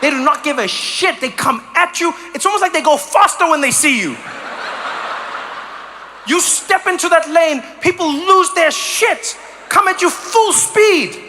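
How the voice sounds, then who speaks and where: Animated stand-up comic. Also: male voice, very high-pitched, measured pace, slight background noise. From South Africa. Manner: animated storytelling, slips into mock voices. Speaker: stand-up comedian. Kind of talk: stand-up comedy set.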